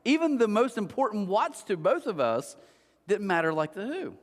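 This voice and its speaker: Speaking to his congregation directly, a middle-aged pastor preaches a chatty, anecdotal sermon with self-mocking humor. His high-pitched voice is very animated at a moderate pace, and long reverb fills the church auditorium.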